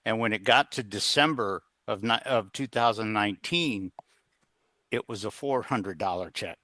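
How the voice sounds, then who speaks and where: Earnest middle-aged man, bright forceful tone. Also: fairly low pitch, moderate pace, no room sound. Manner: rambling, with many fillers and restarts; earnest, plain-spoken. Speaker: guest, executive coach. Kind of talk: conversational storytelling in an interview.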